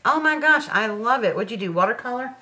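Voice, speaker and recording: Crafty lady doing a live stream, chatty, talks right to the viewers, bright voice, laptop mic. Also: fairly high pitch, animated, fairly quick, a little hiss or hum. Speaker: craft show host. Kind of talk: live craft tutorial chat.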